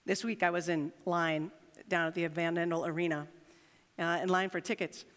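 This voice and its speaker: A woman pastor giving a sermon in a church, reading scripture and telling stories with expressive, dramatic delivery. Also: lowish voice, moderate pace, big-room sound.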